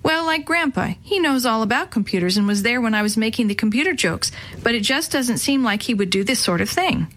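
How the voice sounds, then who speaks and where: A woman's voice: a little high, expressive, a little fast, hardly any pauses, fairly bright tone. A woman voicing a curious, determined young boy in a children's audiobook, speaking eagerly.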